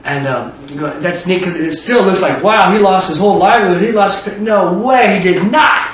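A man preaching a sermon in an animated way, with rhetorical questions and bursts of shouting. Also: sits high, moderate pace. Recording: echoey hall, distant dull mic, faint noise.

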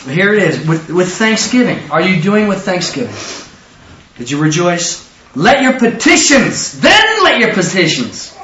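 A high-pitched man with a bright, ringing tone delivers an animated sermon. He calls questions out to the congregation and acts out quotes. The sound is dull, echoey and distant, as if recorded from the back of a hall. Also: measured pace, slight background noise. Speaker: preacher.

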